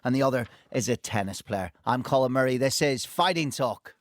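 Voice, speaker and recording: A man hosting a sports panel show, teasing his guests with quick jokes. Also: mid-range voice, expressive, faint music behind. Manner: jokey and teasing, quick asides. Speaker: host. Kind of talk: lively sports panel chat.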